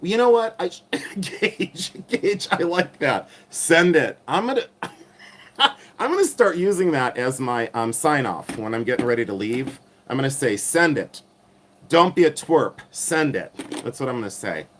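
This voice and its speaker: Nasal middle-aged guy rambling on a jewelry livestream, self-mocking, reads chat out loud. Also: medium pitch, a little hiss or hum. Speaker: livestream host reselling vintage jewelry.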